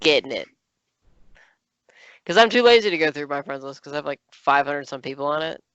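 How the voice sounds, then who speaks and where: A man chats on a podcast, telling stories animatedly and filling them with lots of "like." His voice sits a bit high and sounds smooth. The recording is dry, with a slightly dull sound. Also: fast, no room sound. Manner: animated storytelling with many fillers. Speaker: podcast co-host. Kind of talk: casual chat.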